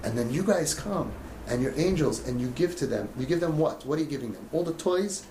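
A man's voice: fairly high pitch, lively intonation, a little fast, mellow, a little hiss or hum. A man coaching a group of parents in an emotional talk, acting out the voices of parents and kids as he goes. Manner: passionate, acts out parents' and kids' voices. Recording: echoey room with faint ambience.

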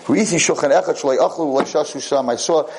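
A man giving a religious lecture, telling a story in a lively way and acting out what the characters say. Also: fairly high pitch, a little fast, rough recording.

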